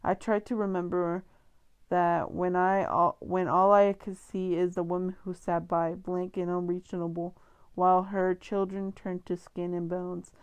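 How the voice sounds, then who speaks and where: Woman reading a novel out loud for her channel, smooth clear voice, restarts words a lot. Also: lowish voice, little pitch movement, measured pace, muffled recording. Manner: joking, slangy asides. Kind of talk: casual read-aloud with chat breaks.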